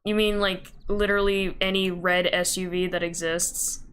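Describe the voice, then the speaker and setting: A woman's voice: on the low side, level tone, normal speed, fairly bright tone, clear, resonant tone. A woman streamer giving offhand, joking commentary while playing a game. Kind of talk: casual gameplay commentary.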